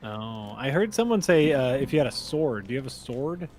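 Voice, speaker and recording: A man's voice: medium pitch, sing-song, normal speed, darkish tone. A man co-hosting a game stream in casual chat, joking and laughing often. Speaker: co-host watching a game stream.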